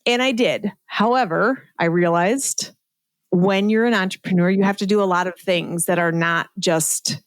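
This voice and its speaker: A middle-aged woman talks as a podcast guest, chatty and candid, tossing in "like" and "right?" and laughing at herself. Her voice sits in a middle pitch. The recording is dry and close with no room sound. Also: moderate pace, no echo. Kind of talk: casual interview storytelling.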